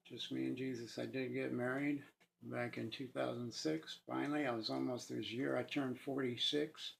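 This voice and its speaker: A man in his fifties sharing an emotional personal testimony, earnest and halting, with pauses and restarts, at times moved to tears. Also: medium pitch, steady tone, vocal fry. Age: 50s.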